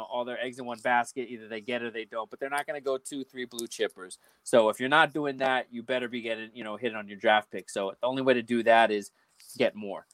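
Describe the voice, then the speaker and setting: A man in a casual sports podcast chat, thinking out loud with many fillers. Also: medium pitch, no room sound.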